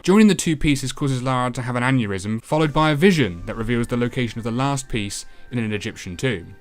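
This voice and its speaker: British man, game review host, comedic voice-over, sarcastic, sweary, mid-pitched voice.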